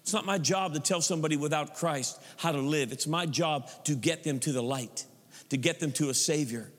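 A high-pitched male pastor delivering a lively sermon. He teases old-fashioned prayer talk as he preaches. His voice rings with the long reverb of a church hall. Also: fairly quick.

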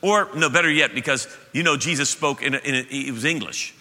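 A middle-aged male pastor preaching an impassioned, emphatic sermon that swings between loud and soft in a church sanctuary. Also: medium pitch, brisk. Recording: reverberant church hall.

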